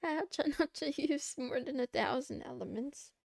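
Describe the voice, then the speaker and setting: A woman's voice: sits high, normal speed, creaky, darkish tone, no echo, studio quality. A young woman streaming from her desk, chatting playfully with her chat while she works through coding tasks. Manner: playful, talks to chat while working, giggly. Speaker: VTuber streamer. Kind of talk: casual coding livestream chat.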